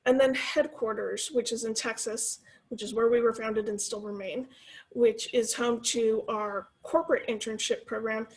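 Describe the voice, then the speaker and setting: A woman from California in her forties, giving a lively, encouraging talk to students over a video call. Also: fairly high pitch, moderate pace. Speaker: guest speaker. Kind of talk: presentation to students.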